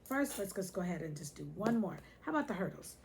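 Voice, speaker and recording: A woman's voice: medium pitch, sing-song, fast, a little mellow, a little hiss or hum. A woman hosting a casual talk to her viewers, chatty and playful, speaking to them directly. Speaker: host.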